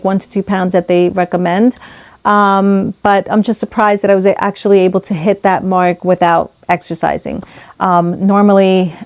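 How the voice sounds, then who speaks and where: A woman's voice: medium pitch, darkish tone, no echo. A woman vlogging casually to camera about her weight loss as a mother, candid and full of ums and restarts.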